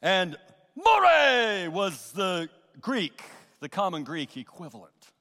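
Pastor guy preaching, high bright voice, slow and emphatic, big church reverb. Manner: earnest, emphatic preaching with pauses and repetitions. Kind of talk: sermon. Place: church sanctuary.

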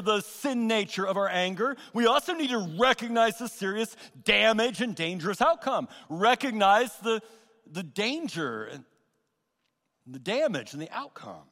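High-voiced man preaching slowly in a hall. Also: fairly bright tone. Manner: earnest, emphatic preaching with pauses and repetitions. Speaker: pastor. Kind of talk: sermon. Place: church sanctuary.

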